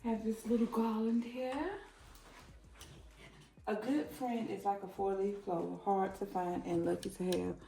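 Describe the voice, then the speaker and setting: A woman's voice: medium pitch, steady tone, unhurried, creaky, dark tone. A woman giving a casual, chatty home decor tour, pointing out items as she walks from room to room. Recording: echoey room.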